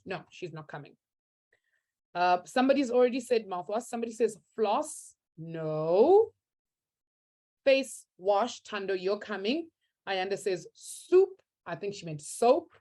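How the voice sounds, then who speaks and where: A woman's voice: medium pitch, expressive, normal speed, darkish tone. Upbeat woman teacher. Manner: upbeat, encouraging, reads out names from the chat. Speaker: maths teacher. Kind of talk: live online class.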